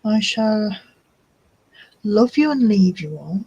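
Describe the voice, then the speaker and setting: A woman's voice: medium pitch, lively intonation, slow pace, dark tone, husky, highs cut off. A woman hosting a casual livestream chat for her craft channel, homely and chatty. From United Kingdom. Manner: chatty and homely, talks fondly to her cat.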